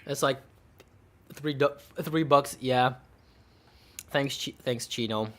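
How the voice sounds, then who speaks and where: A man's voice: mid-range voice, steady tone, takes it slowly, pauses often. Dry, sarcastic young male streamer. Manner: dry, sarcastic, rambling, with frequent laughs. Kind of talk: casual livestream commentary while opening game cases.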